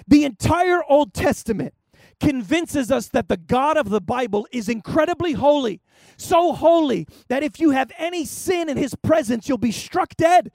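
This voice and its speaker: High-pitched guy preaching outdoors, fired up, dry close sound. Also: animated, moderate pace, vocal fry, dry recording. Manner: impassioned, rising to shouts. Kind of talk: open-air sermon. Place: outdoor fairground event.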